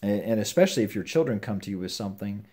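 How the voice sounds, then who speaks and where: An older man giving earnest, measured advice on scripture to his children and grandchildren at home. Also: lowish voice, animated, a little mellow. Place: home with a puppy nearby.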